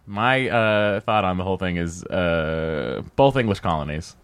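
Jokey co-host guy, swears a lot, really lively up and down voice. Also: low voice, measured pace, clean tone, dry recording. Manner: joking, swearing, lively with impressions. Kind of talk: casual chat.

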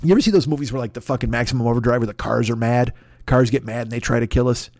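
A man's voice: mid-range voice, very fast, a little mellow, no room sound, studio quality. A man hosting a comedy podcast, riffing through a profane, rambling monologue and sliding into silly voices. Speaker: podcast host.

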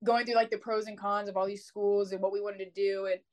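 A young woman, a college sprinter, telling her story in an interview, chatty and animated, with many "like" fillers. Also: medium pitch, a little fast, low-quality recording. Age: young adult.

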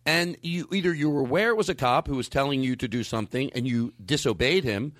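A man's voice: medium pitch, fast, dry recording. A man hosts a casual podcast and tells a long story. He acts out each person's lines as he goes. His voice sits in a middle range and sounds dry and close. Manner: animated, acts out quoted dialogue. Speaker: podcast host.

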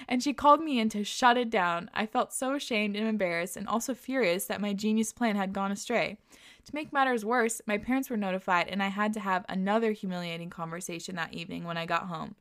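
Woman podcast host, animated, laughs a lot, casual swearing, reads stories aloud. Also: mid-range voice, a little fast. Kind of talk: casual chat and reading aloud.

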